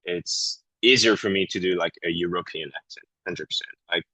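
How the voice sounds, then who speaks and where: A man with a French accent, a guest actor chatting candidly on a podcast, often pausing to search for words in English. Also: sits low, pushed and bright, no echo, poor audio. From France. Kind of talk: casual podcast conversation.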